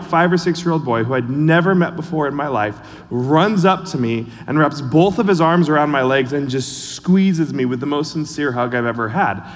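A man delivers a casual, chatty sermon as a church pastor, his voice sitting a little high for a man. He talks loosely, with frequent fillers and restarts. The hall around him rings with a long reverb. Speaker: online and missions pastor. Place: church sanctuary.

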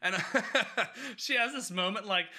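On his casual podcast, a male host recaps a TV episode at a brisk clip. His high voice is very bright and forceful, its pitch lively and swooping, and he curses freely while animatedly playing out the characters' dialogue.

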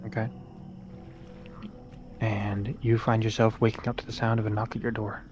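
Man narrating as game master in a flat, low voice. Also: lo-fi sound, over music. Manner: slow, measured narration. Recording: noisy recording.

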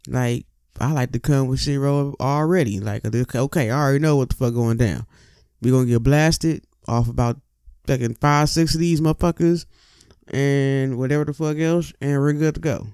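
A man in casual, profane, rambling talk to camera, speaking with lively asides. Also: mid-range voice, smooth, no echo, studio quality. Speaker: cannabis vlogger.

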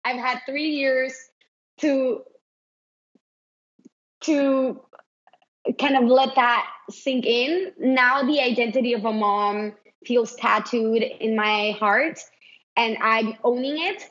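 Animated woman with a higher voice. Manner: animated storytelling, quick bursts. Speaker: guest, artist and mother. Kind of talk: casual podcast conversation. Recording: dull lo-fi recording.

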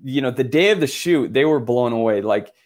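A man's voice: mid-range voice, lively intonation, a little fast, a little mellow. A man from Utah, a photographer guest in an interview, telling his story earnestly with many restarts and filler words.

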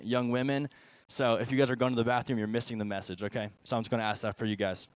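A young man serving as a junior high pastor preaches to middle schoolers, conversational and animated. He swings between loud emphasis and quiet asides, with no room sound.

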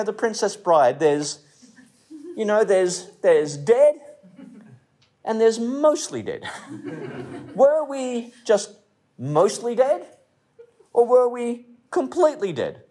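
A man's voice: high voice, darkish tone. A man preaching a sermon in a conversational way, repeating phrases and telling stories with light humor. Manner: conversational, repeats phrases, restarts mid-sentence; tells stories and jokes lightly.

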